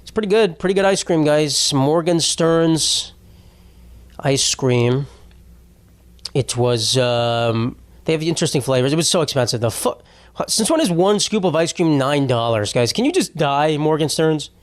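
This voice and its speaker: A man's voice: on the high side, lively intonation, moderate pace. A young man hosting his own podcast, rambling through a casual comedic solo rant, swearing freely and cutting himself off mid-thought. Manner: rambling, jokey, swears freely, self-interrupting. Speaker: podcast host.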